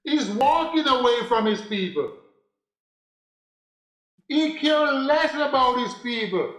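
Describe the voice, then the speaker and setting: Man preaching real slow with a very high voice, echoey room. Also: lively intonation, a bit bright. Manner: slow, preachy, repeats phrases for emphasis. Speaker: spiritual teacher. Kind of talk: preaching monologue.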